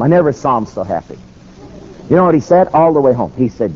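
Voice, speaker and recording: A man telling a personal story to an audience in an animated sermon style. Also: fairly high pitch, fast. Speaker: speaker. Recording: dull lo-fi recording with faint hiss.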